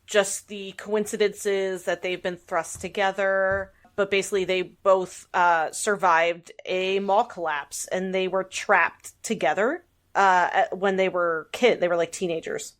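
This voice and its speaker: Animated, laughing woman podcast host. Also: mid-range voice, unhurried. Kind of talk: casual chat.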